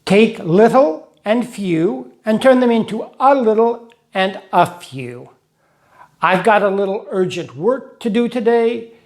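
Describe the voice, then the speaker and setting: A man teaching English grammar to Russian speakers, explaining slowly through examples and small rhymes. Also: sits high, expressive. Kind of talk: scripted lesson narration.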